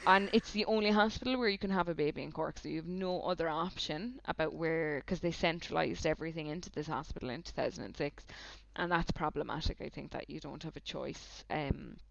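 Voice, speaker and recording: Irish woman, podcast guest, gravelly, chatty storyteller, dull lo-fi audio. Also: sits low, a little fast, no echo. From Ireland. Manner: chatty, fillers of "like", retells by quoting herself. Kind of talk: casual storytelling. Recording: dull, dry lo-fi sound.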